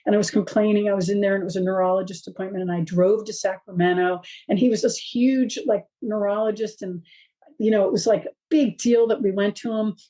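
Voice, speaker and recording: A woman guest, a parent of three, talking in a casual interview as an animated storyteller who fills her talk with fillers and laughs. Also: medium pitch, brisk, rough recording.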